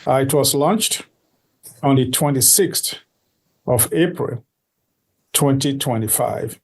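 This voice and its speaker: A man from Nigeria, a guest on an interview show, speaking in a measured, deliberate way and repeating key phrases for emphasis. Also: medium pitch, gravelly, darkish tone, slightly rough. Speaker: guest, diaspora organization board member. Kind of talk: interview answers.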